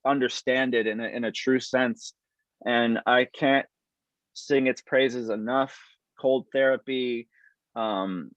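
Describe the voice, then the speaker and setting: A man's voice: medium pitch, no echo. Reflective male veteran on a dry call. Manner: reflective, halting, with frequent restarts. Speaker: guest, military veteran. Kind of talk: earnest conversational interview. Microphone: video call. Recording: slightly dull, dry video-call audio.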